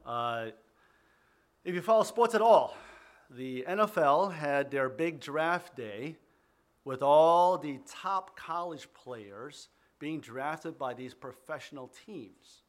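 A man's voice: fairly high pitch, animated, slow. A man preaching a sermon and leading prayer, fervent, often repeating words and restarting phrases. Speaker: pastor. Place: church in New York City.

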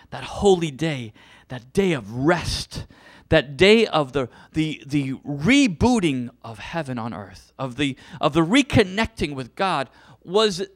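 A middle-aged man preaching a passionate sermon, full of restarts and repetitions. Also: on the high side. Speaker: pastor.

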